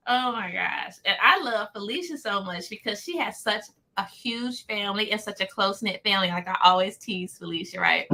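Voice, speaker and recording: A woman, hosting a casual chat and telling stories in a lively, slangy way. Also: mid-range voice. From Detroit. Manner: animated storyteller, slangy and laughing. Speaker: host.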